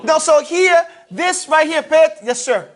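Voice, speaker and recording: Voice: high voice, expressive, unhurried, a faint crowd. A teacher giving a classroom grammar lesson, drilling students with playful call-and-response questions. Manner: playful, teasing.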